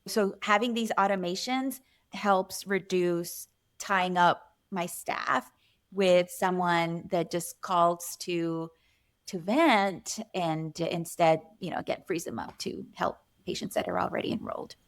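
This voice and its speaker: A woman's voice: lowish voice, steady tone, takes it slowly. A middle-aged woman physician, a podcast guest, chatting casually and often saying "you know" and "right?". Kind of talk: casual interview chat.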